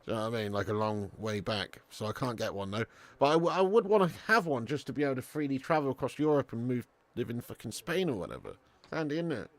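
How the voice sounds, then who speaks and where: A man's voice: medium pitch, animated, quick pace, few pauses, dry recording. A man, hosting a football watch-along live stream. He is sweary and full of banter, and he talks straight to his viewers. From Birmingham area, England.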